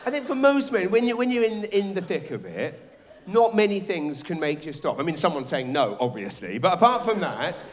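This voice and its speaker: Middle-aged man, stand-up comedian, lively swooping delivery, slightly raised pitch, theatre stage, handheld mic. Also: moderate pace. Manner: animated, shouting bits, rambling restarts. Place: theatre stage before a live audience.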